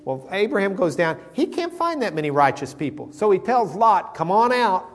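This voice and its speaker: A man's voice: high voice, huge pitch swings, normal speed. Man retelling scripture with humor. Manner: humorous, acts out quoted characters; conversational with fillers. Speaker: Bible teacher. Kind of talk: casual Bible lesson.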